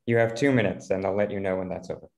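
A man's voice: sits low, fast talker, gravelly, darkish tone. Guy moderating a video conference, polite and brief. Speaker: session moderator.

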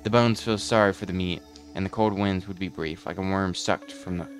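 A man's voice: sits low, fairly even intonation, brisk, soft background music, close to an everyday voice. A man voicing a frightened father as he reads a journal from a game aloud, brooding and dramatic.

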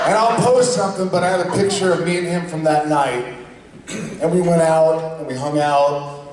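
A man with a hoarse voice telling a joking story to a fan audience, heard from afar in a big convention hall. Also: fairly high pitch, normal speed, heavy background noise. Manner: joking, loud bursts of impressions. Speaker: actor on a convention panel. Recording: distant, echoey convention hall.

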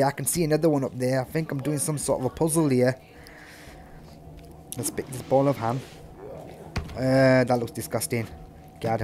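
A man giving casual live commentary on a horror game, swearing freely and talking to the characters on screen, yelling when chased. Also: medium pitch, a little hiss or hum. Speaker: gameplay commentator.

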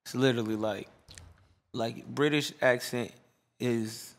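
A man's voice: mid-range voice, steady tone, a little slow. Joking young man from Chicago. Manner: joking, profane, rambling storyteller. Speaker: DJ guest. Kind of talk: casual interview chat.

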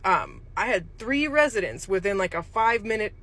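A woman's voice: medium pitch, sing-song, normal speed, a bit bright. A woman casually telling a creepy true story, chatty and rambling, with laughs mid-sentence. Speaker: storyteller host.

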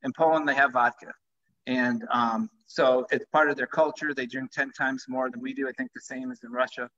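Man, vodka brand founder on a livestream, eager sales pitch, bright tone, dull lo-fi sound. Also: steady tone, moderate pace. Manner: enthusiastic, pitching his product. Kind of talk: live-streamed conversation.

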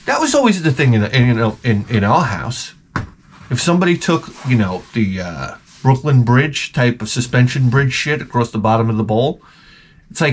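A man's voice: mid-range voice, sing-song, moderate pace, slight background noise. A man hosting his own vlog, telling crude, profane stories in a rambling comic monologue. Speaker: vlog host.

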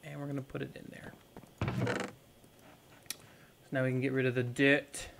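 Over heavy background noise, a young gaming YouTuber offers casual let's-play commentary, rambling to viewers as he plays. His mid-range voice is flat with vocal fry, and he talks at normal speed.

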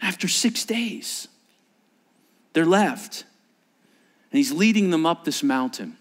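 A man's voice: a little high, lively intonation, slow. A man preaching a sermon in church, dramatically acting out the voices of the people in his story. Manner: dramatic, acts out quoted disciples with shifting voices. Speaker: pastor.

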